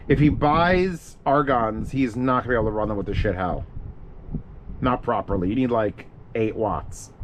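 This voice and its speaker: A man streaming live, talking through headphone advice in a loose, rambling way and swearing freely. His pitch sits in the ordinary male middle. A clear hiss of background noise runs under his voice. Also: normal speed. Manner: profane, rambling, thinking aloud. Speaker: streamer answering audio questions. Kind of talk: casual livestream chat.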